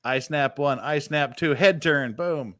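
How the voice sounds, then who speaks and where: Male commentator, high-ish voice, excitable and foul-mouthed, dry close sound. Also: a little slow, dry recording. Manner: excitable, swears often, repeats himself. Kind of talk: profane reaction commentary.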